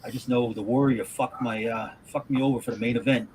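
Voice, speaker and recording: A man with a mid-range voice talks gruffly in a casual chat, swearing as he complains. A faint room ambience sits behind him. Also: medium pitch, fairly even intonation, a little fast, darkish tone, slight background noise, rough recording. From Boston area. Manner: gruff, profane grumbling.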